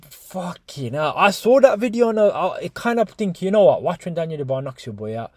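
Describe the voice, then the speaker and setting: A man's voice: fairly high pitch, brisk, no room sound, studio quality. A man giving casual, swearing boxing reaction commentary to his viewers. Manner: swearing, animated, talks to viewers as guys. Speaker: boxing YouTuber.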